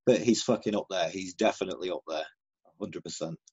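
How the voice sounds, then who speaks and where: A man's voice: deep voice, fairly quick, darkish tone, husky, no room sound, muffled recording. A man, a battle rapper from the UK, chatting casually as a guest and telling stories with plenty of swearing. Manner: sweary, laid-back, storytelling. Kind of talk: casual interview chat.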